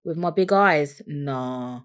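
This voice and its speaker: A young woman talks alone into a podcast microphone in a rambling, cheeky way, swearing freely. Her voice sits a little low for a woman. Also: takes it slowly. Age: young adult. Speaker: podcast host. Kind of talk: solo podcast chat.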